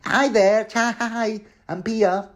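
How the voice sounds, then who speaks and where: A giddy young servant girl who gushes like a starstruck fan, as a man puts her on in a squeaky falsetto. She talks in a bright, breathless voice pitched well above a man's own. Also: steady tone, drawn-out words. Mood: chirpy. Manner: gushing, giggly falsetto.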